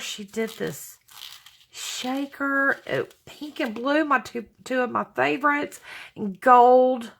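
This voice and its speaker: A woman's voice: on the high side, fairly bright tone. A woman, hosting her channel and chatting to viewers as she opens gifts, gushing and sentimental with frequent exclamations. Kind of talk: casual unboxing chat to viewers.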